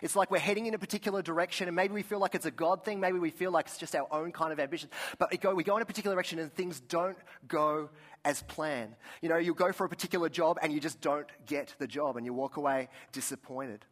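A man's voice: fairly high pitch, fast. Man preaching a conversational sermon. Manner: conversational, storytelling, frequent restarts, drops to a soft voice for emphasis. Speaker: pastor.

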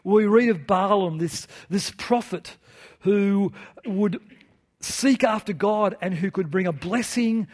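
A man's voice: high-pitched, slow, darkish tone. A man preaching to his church in an earnest style, with rhetorical questions and repeated phrases. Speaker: pastor. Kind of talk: sermon.

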